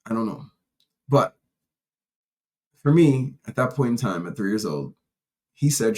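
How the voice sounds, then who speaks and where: A man with a somewhat low voice talks through a solo podcast episode, rambling and candid. He restarts sentences often, drifts between stories and drops casual profanity as he goes. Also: animated, unhurried, long pauses, darkish tone. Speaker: podcast host.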